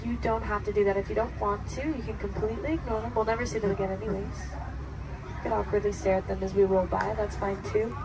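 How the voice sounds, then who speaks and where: A woman's voice: medium pitch, steady tone, fast talker, distant mic. A woman guiding a safari ride, giving scripted tour narration with chatty, jokey patter from an open-air truck. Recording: loud vehicle noise outdoors.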